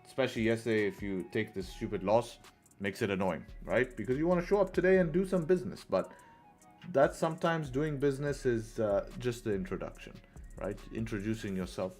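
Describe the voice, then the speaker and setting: A man's voice: lowish voice, fairly quick, darkish tone. A young man hosting a live trading stream, chatting casually and answering viewers' questions as he goes. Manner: laid-back, chatty, reads chat aloud. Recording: faint music behind.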